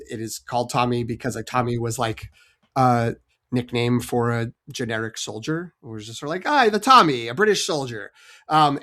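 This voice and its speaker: A man's voice: medium pitch, a bit bright. Film podcast co-host, male, loose and rambling, chatty delivery. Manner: rambling, heavy on fillers and restarts. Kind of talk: casual film-discussion chat.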